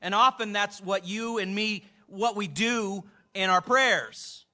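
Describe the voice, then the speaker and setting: An older man preaching a sermon, measured and emphatic, lifting his voice for quoted lines. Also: sits high, sharp tone. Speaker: pastor.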